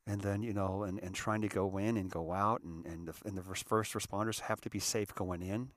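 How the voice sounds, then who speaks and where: A man's voice: on the low side, steady tone, brisk, no echo, studio quality. A middle-aged man hosting a show, talking earnestly and emotionally, often repeating and restarting his words. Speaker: podcast host. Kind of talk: casual heartfelt monologue.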